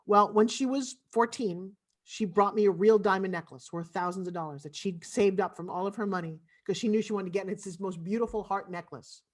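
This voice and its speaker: A middle-aged woman speaking as an interview guest, her voice pitched in a typical range for a woman. She tells her story with animated emphasis, pressing hard on key words. She is heard over a remote video call. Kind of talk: personal storytelling in a podcast interview.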